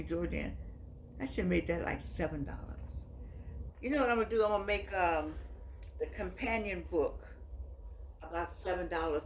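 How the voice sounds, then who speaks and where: Rambling woman in her eighties, echoey room. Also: fairly low pitch. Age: 80s. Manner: rambling, emphatic, with frequent restarts. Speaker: author and vlogger. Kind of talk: casual reflective monologue. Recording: echoey room with faint background noise.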